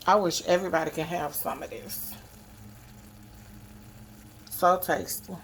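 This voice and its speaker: A woman's voice: on the low side, steady tone, unhurried, long pauses, slight background noise, poor audio. A woman giving a casual cooking demonstration in her home kitchen, chatting to viewers and checking in with "okay?" as she goes. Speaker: cooking vlogger.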